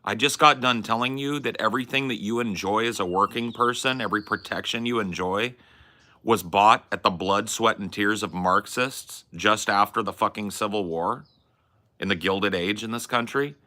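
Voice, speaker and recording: Young male streamer, heated profane rant, tense bright tone. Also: on the low side, moderate pace. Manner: combative, mocking and profane. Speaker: stream host arguing with chat.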